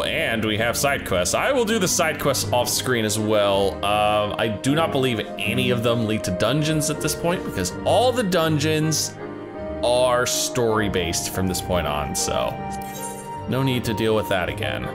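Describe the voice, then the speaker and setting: A man hosting a let's play, chatting excitedly while he plays. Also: medium pitch, unhurried. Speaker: gaming channel host. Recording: game music behind.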